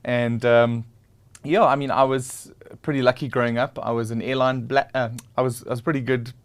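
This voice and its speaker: A man's voice: mid-range voice, level tone, moderate pace, clean tone. A man with a South African accent, a creative director talking casually as a guest in an interview. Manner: reflective storytelling, frequent restarts.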